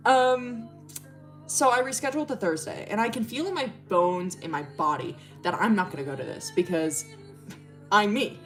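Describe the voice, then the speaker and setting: A woman's voice: mid-range voice, sing-song, brisk, faint music behind. A young woman from Wyoming telling a dating story in a casual, profane storytime chat, with bursts of shrieking laughter. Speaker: streamer.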